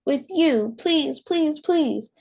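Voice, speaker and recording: A clingy little girl pleads in a high, whining voice, dragging out every word, put on by a woman reading a storybook. Her lines come sharply higher and a touch louder than the reader's own low voice. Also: expressive, drawn-out words, full character voice. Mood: pleading. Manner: pleading, high-pitched, shrieking.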